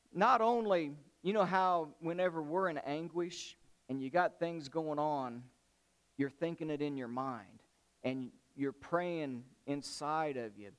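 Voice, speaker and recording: A man preaching a sermon, rising into loud impassioned swells and then dropping back to a quieter, conversational tone. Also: a little high, clean tone. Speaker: pastor.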